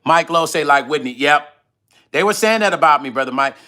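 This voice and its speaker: Reading comments from his audience between bites, a middle-aged man hosts a casual vlog livestream. His fairly high voice is expressive, brisk and sharp. He rambles conversationally and repeats himself whenever feelings run high.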